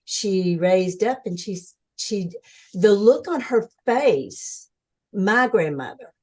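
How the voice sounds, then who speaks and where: An older woman as an interview guest, telling her story in an earnest, animated way and acting out what others said. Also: medium pitch, slow. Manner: earnest, animated storytelling, acts out quoted voices. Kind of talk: conversational interview.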